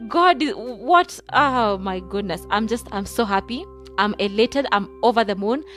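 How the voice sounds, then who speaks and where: A woman's voice: mid-range voice, moderate pace, fairly bright tone, soft background music. A young woman with a Kenyan accent hosting her own podcast, talking in a chatty, effusive way and mixing English with Swahili. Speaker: podcast host. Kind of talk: casual solo podcast monologue.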